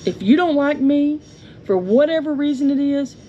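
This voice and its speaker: With a high, animated, mellow voice at a moderate pace, an angry homestead vlogger vents at home. She sounds indignant and confrontational, throwing out rhetorical questions, while the yard is mowed. Dull lo-fi audio with faint noise.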